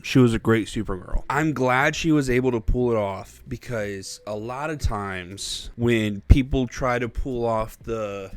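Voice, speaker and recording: A young man giving a casual, rambling movie review vlog, animated and quick to laugh. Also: medium pitch.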